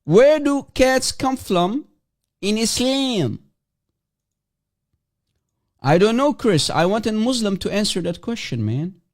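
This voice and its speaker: A man's voice: high-pitched, very animated, slow, long pauses, a little mellow. A man hosting a casual livestream, mocking and provocative, teasing and repeating himself as he calls for guests. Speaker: livestream host.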